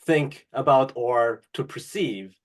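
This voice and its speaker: A man hosting a podcast, asking thoughtful interview questions with some halting restarts. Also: medium pitch. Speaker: podcast host.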